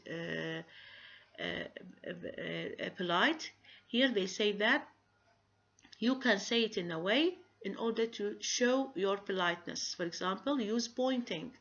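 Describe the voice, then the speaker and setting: A woman giving a recorded grammar lecture, pausing often and asking rhetorical questions. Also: medium pitch, gravelly, a bit bright. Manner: halting, many fillers and restarts, rhetorical questions. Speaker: grammar teacher. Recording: dull lo-fi recording.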